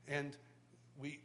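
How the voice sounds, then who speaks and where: A man's voice: fairly bright tone, a little hiss or hum. A middle-aged man preaching at a live church worship school, telling his life story with self-deprecating humor and acting out the voices of people he quotes. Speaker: worship teacher. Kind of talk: personal testimony sermon.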